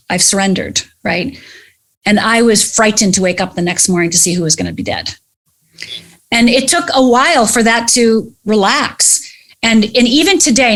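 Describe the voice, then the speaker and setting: Woman guest telling her story, slightly high voice, lively, does the voices of people she quotes. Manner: animated, acts out dialogue in quoted voices. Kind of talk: candid personal storytelling.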